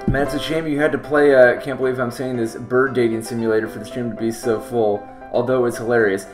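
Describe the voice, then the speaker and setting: A man's voice: mid-range voice, little pitch movement, brisk. A man live-streaming a game playthrough, reading the text aloud and joking about it between lines, talking to his chat. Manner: talks to chat. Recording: roomy echo with faint game music. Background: game music.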